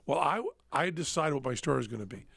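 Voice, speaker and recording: Gravelly man telling a funny story. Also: medium pitch, animated, fast talker, a bit bright, no echo. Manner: self-mocking storyteller acting out dialogue. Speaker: host. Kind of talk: casual storytelling chat.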